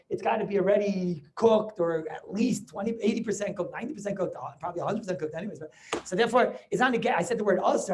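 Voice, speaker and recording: High-voiced rabbi teaching over video call. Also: male voice. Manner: halting, many restarts, chuckles, banters with students. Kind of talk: informal halachic class over video call. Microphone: video call microphone.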